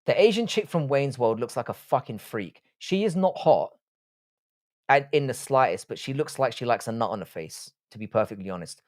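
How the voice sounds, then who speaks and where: Young male stream host, casual and crude, rambling chat reader, mid-pitched. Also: expressive, moderate pace, a little mellow. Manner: rambling, crude and jokey, reads chat aloud. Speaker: livestream host.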